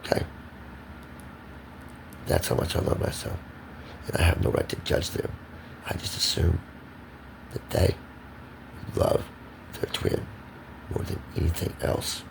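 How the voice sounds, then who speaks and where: A man's voice: deep voice, very animated, unhurried, vocal fry, long pauses, noisy background. A man rambling in a monologue to camera, emphatic and preachy, repeating himself. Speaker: vlogger.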